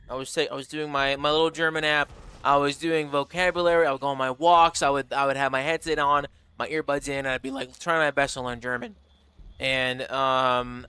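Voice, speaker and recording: An American man chatting casually on a game live stream, rambling and animated, with lots of fillers and restarts. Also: on the high side, smooth. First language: English.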